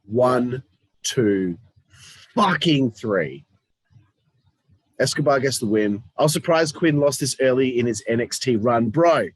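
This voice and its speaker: A man's voice: medium pitch, slow pace, pauses often, slightly rough, no room sound, low-quality recording. A man co-hosting a wrestling review, talking casually, swearing and joking, hot and struggling to focus. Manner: swears often, relaxed and joking. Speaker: co-host of a wrestling review show.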